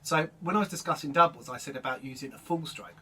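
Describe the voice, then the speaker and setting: A man teaching drum rudiments, explaining each stroke in a relaxed way and calling out the stickings as he plays. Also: on the high side, quick pace, husky. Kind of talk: instructional demonstration. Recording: distant mic with loud drum noise.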